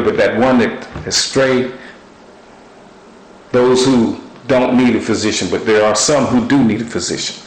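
A man preaching a sermon, telling stories with animated delivery. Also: reverberant, low-quality recording. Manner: storytelling, animated with sudden high shouts.

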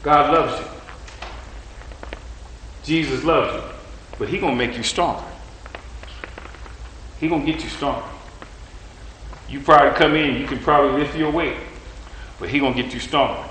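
A male preacher giving a sermon while lifting weights, telling a story in an animated way and straining with the effort. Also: medium pitch, normal speed, pauses often, roomy sound, slight background noise, poor audio. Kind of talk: sermon with a live weightlifting demonstration.

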